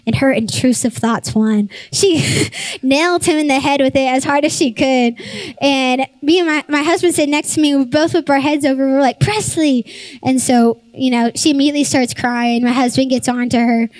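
A young woman pastor preaching a sermon, telling a lively family story and acting out the voices of her family. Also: sits high, normal speed, dry recording, rough recording.

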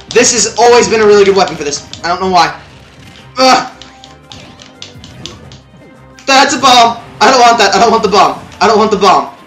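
A young man commentating his own gameplay, swearing, yelling and muttering at the game. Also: high-pitched, roomy sound. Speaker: let's play gamer.

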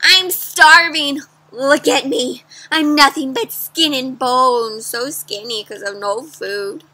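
A woman's voice: sits high, slow pace, sharp tone, exaggerated voice. A woman reading aloud and voicing a sly, hungry male wolf who wheedles and gives advice.

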